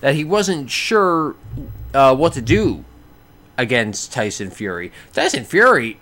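Casting: ordinary-voiced man, excitable casual fight recap, lots of fillers. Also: medium pitch, takes it slowly. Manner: rambling, many fillers and restarts, excitable. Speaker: boxing fan reviewing a fight.

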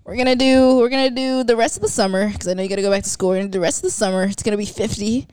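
A woman's voice: medium pitch, rapid-fire, clear, resonant tone, dry recording. A woman on a podcast as a guest, telling a story in a casual way and acting out the voices of the people in it. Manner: animated, acts out quoted voices.

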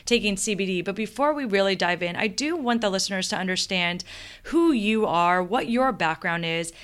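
A woman's voice: medium pitch, lively intonation, normal speed, a bit bright, clean tone. A woman hosting a podcast, enthusiastic and laughing often in casual conversation. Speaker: podcast host, naturopathic doctor. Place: medical center room.

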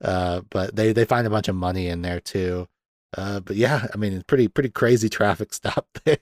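A podcast host with a voice on the low side, speaking at normal speed, casually retells film scenes in a movie discussion. He's animated, acting out quotes and laughing often, captured in a dry, clean studio recording.

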